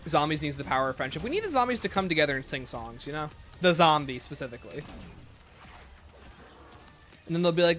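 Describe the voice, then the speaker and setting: Rambling and joking with his chat, a young livestreamer gives casual commentary as he plays a zombie shooter. His somewhat bright, higher voice is expressive and quick, broken by long pauses, with a little hiss or hum underneath.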